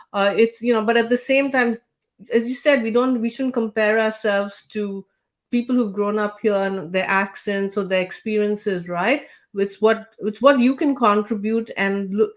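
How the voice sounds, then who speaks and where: A woman hosting a live panel over a video call, talking earnestly with many fillers and restarts. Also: fairly high pitch. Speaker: host.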